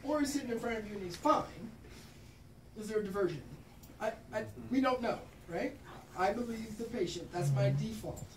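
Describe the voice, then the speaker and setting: A woman's voice: on the high side, animated, moderate pace, a little hiss or hum. Casual, swearing woman physician lecturing. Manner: casual, frank, swears, tags lines with "right?". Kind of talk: informal medical talk to clinicians. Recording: echoey room from far off.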